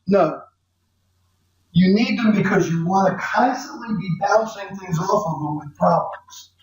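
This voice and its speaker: A male accounting professor with a high-pitched voice lectures unhurriedly in a large, echoey lecture hall. He's blunt and conversational and acts out quotes from clients. He's far from the mic, so the classroom recording sounds distant and echoey.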